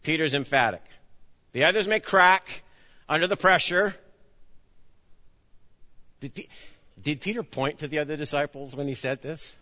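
A man preaching a sermon, acting out the dialogue of his story and swinging between loud emphasis and hushed, low delivery. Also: moderate pace, pauses often, long reverb tail, muffled recording. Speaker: pastor.

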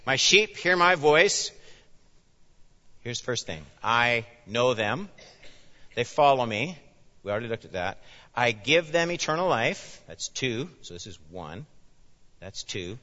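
A man preaching with a bright, forceful voice that rises loud and then drops to a hush. He speaks as a pastor in an emphatic sermon. The sound is a bit dull and rings with long reverb from a large hall. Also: medium pitch, animated, unhurried, long pauses. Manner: emphatic, swings from loud declarations to hushed asides.

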